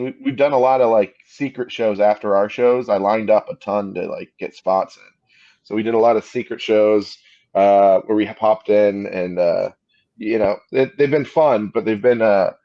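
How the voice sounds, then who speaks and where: A man's voice: on the low side, darkish tone. An American man and comedy podcast co-host, chatting casually in a rambling, laid-back way while hungover. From United States. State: hungover, just woke up. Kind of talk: casual chat. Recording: slightly dull lo-fi sound.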